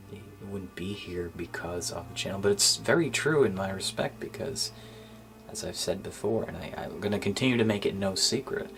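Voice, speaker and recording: A man talking casually to his gaming channel's viewers in a subdued, low-spirited way, halting with fillers and sometimes dropping to a near-whisper. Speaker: gaming YouTuber. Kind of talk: casual thank-you vlog. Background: faint background music.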